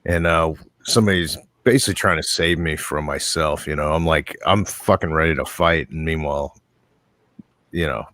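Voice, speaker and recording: A man's voice: very deep voice, moderate pace, fairly bright tone, no room sound. A man in casual chat, telling a story in a laid-back way with plenty of swearing.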